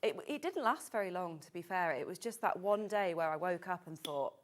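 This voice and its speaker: Lower-voiced woman with a cold. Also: animated, brisk. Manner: laughing, self-deprecating. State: recovering from a cold. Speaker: guest designer. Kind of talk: casual studio chat.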